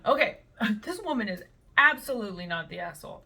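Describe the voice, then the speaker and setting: Bright-voiced blunt young woman. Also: medium pitch, fast, creaky, a little hiss or hum. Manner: blunt and animated, with playful voices. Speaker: reaction video host. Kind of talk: casual chat reading online posts.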